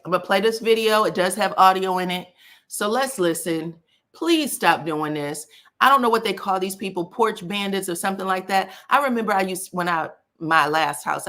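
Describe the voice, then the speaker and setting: A woman hosts a casual live gossip stream, talking straight to her viewers. Her voice is bright and forceful. She chats and exclaims as she reads their comments aloud. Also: medium pitch. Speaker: celebrity gossip host.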